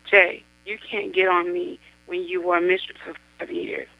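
A woman's voice: fairly low pitch, flat delivery, normal speed, natural voice. A woman reading as a guilty pleading young woman. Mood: ashamed. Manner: pleading, remorseful. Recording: dull lo-fi radio sound.

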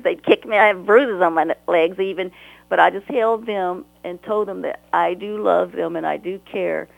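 A woman's voice: mid-range voice, creaky, dry recording, phone-quality sound. A woman author talking earnestly and emotionally as a guest on a radio interview, rambling at times.

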